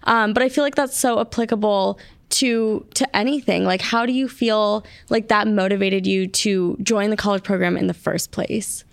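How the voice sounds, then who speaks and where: A woman's voice: medium pitch, fairly even intonation, moderate pace, gravelly, few pauses. A woman co-hosting a casual interview, chatty and upbeat, often saying "like.". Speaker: co-host.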